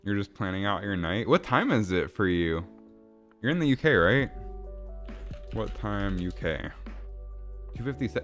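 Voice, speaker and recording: A man's voice: fairly low pitch, lively intonation, moderate pace, pauses often, fairly bright tone, soft background music. A man casually chatting with viewers while building a game, rambling, swearing and laughing. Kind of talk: casual livestream chat.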